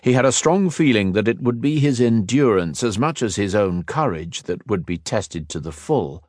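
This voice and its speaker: Low-voiced man narrating a fantasy story. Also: expressive, normal speed, a little mellow, dry recording, clean studio sound. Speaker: audiobook narrator.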